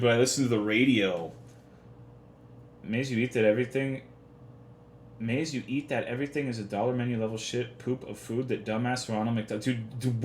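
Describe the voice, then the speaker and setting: A young man livestreaming, chatting casually with his chat in profane, rambling, half-joking rants. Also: mid-range voice. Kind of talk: casual live-stream chat. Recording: echoey room.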